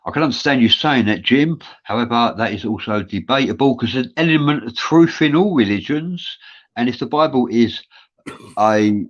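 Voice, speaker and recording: A man's voice: mid-range voice, lively intonation, moderate pace, dull audio. A man from London with a London English accent hosting a live show, reading out viewer comments in an earnest, rambling way. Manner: rambling, many filler uhs, earnest. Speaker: show host.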